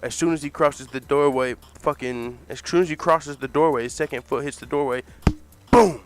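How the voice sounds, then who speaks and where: Animated profane comic storyteller, man. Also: a little high, normal speed, smooth, faint music behind. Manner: animated, profane, laughs often.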